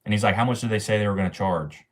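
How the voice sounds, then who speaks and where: A young man talks to his livestream chat in a loose, slangy rant full of swearing. His voice sits on the low side, and his talk is offhand and casual. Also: rapid-fire. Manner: slangy, ranting, swears often.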